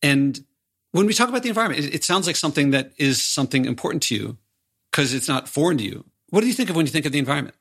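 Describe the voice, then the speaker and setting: A man's voice: a little high, animated, racing, fairly bright tone, breathy edge. A man hosting a podcast interview, enthusiastic and a little self-deprecating as he jumps in with questions. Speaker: podcast host. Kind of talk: casual interview talk.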